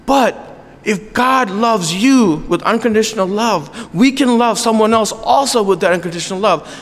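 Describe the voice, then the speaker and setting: Pastor guy w a high voice, earnest sermon, jokes around w the church, long hall echo. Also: a bit bright. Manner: earnest, with asides and jokes to the congregation.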